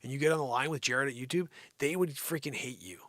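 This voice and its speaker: A man hosting a live comedy stream, rambling and teasing an unseen sidekick with a steady stream of "you know.". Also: medium pitch, quick pace, no echo. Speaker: livestream comedy host. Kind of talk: improvised comedic rant.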